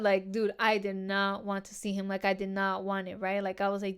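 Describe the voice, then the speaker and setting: A woman's voice: medium pitch, level tone, moderate pace, few pauses, smooth. A young woman hosting a podcast, telling a story casually and bluntly, with lots of swearing and filler words. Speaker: podcast host.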